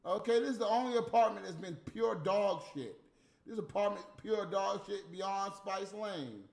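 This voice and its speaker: High-voiced cursing man ranting. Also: moderate pace, vocal fry, a little mellow, reverberant. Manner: blunt, cursing, exasperated. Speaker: livestream host. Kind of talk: profane off-the-cuff rant.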